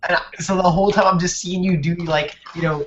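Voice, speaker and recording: A young man talking casually as a guest, excitable and quick to laugh. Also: high voice. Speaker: guest player. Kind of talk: casual chat. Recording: dull lo-fi with faint noise.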